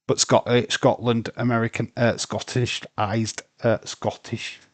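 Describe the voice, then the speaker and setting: A man's voice: mid-range voice, level tone, unhurried, few pauses, dry recording. A man hosting a casual livestream, arguing playfully with chat viewers and laughing often. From Britain. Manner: bantering, argumentative, laughs often. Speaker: livestream host.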